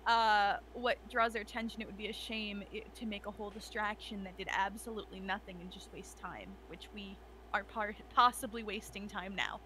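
A woman playing a tabletop role-playing game, who talks in an animated, jokey way. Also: medium pitch, fairly quick, slight background noise. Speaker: player. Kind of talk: casual tabletop game chat.

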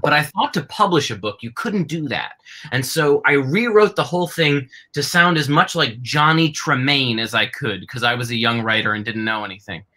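A man talks warmly and playfully as moderator of an author conversation. His voice is bright and forward. It comes through a video-call microphone. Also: mid-range voice, normal speed, low-quality recording. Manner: playful, enthusiastic. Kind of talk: casual chat.

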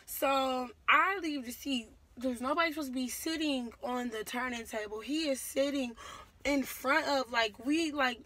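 A young woman telling a story on her vlog, slangy and rambling, getting loud and heated as she goes. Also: sits high, measured pace. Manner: animated and loud, builds to shouting in quoted exchanges. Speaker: vlogger.

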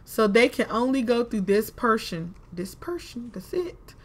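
A woman's voice: on the high side, very animated, a little slow. Chatty woman playing a building game. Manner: chatty, talks to herself, exclaims in frustration. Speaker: gaming video creator. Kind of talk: casual let's-play commentary.

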